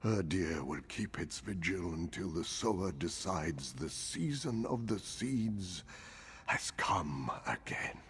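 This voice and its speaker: An actor playing an ancient, solemn male druid elder in video game dialogue, speaking in a gravelly, commanding way. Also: sits low, expressive, slow, a bit bright, slight background noise, exaggerated voice.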